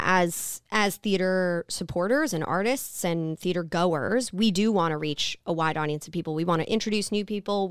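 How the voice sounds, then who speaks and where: Smooth, low-voiced woman host. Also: no echo, clean studio sound. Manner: affirming, encouraging interviewer. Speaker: podcast host. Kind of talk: casual interview.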